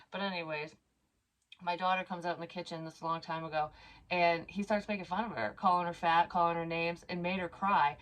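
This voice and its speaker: A woman with a fairly low voice tells a long personal story in an unscripted, rambling way. She is blunt and swears freely, drifting into asides before coming back to the point. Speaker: psychic medium vlogger.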